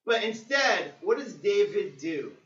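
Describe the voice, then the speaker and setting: A male preacher delivering a sermon, telling the story in a lively way with acted-out quotes. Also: high voice, measured pace, a little hiss or hum. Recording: roomy, distant, dull sermon recording.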